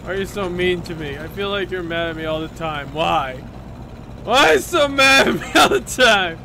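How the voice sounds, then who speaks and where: A man's voice: on the high side, a little fast, background noise, lightly acted. A man reading the lines of a drunk, rambling young female cat who keeps apologizing. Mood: hurt.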